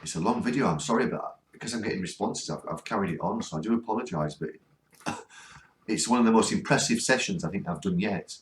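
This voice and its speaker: Speaking quickly in a fairly low voice, a ghost-hunting vlogger with a northern English accent keeps begging the spirits to answer through his spirit box. He's earnest and coaxing, standing in a cold spot where the sound reverberates.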